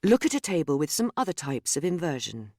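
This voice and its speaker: A narrator reading a scripted grammar lesson in a measured, explanatory way, speaking example sentences aloud. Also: medium pitch, very animated, darkish tone, no echo, studio quality. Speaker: course narrator.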